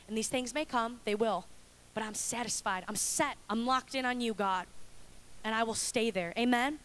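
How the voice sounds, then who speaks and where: A woman pastor preaching a sermon in a church, impassioned, moving between quiet reflection and loud, urgent pleading. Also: a little high, moderate pace.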